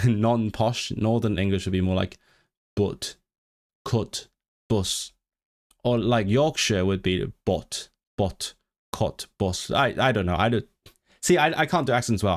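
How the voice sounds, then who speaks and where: A man's voice: fairly low pitch, moderate pace. Rambling man chatting on a livestream. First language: Cantonese. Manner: rambling, many restarts, reads chat aloud. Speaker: livestream host. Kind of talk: casual livestream chat.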